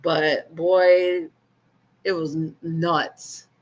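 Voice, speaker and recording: A woman's voice: low-pitched, level tone, drawn-out words. A woman co-hosting a casual chat, telling a dating story bluntly, swearing and laughing as she goes. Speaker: co-host.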